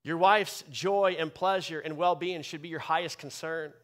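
Guy pastor preaching, bright kinda high voice, gets loud then drops real quiet. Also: fairly even intonation, normal speed. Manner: emphatic preaching, swinging from loud bursts to quiet asides. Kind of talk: sermon.

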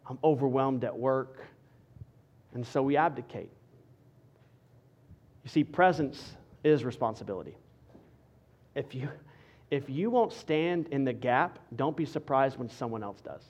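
A male pastor preaching a sermon with an emphatic, repetitive rhetorical cadence that drops to quiet for stress. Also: mid-range voice, lively intonation, unhurried, long pauses.

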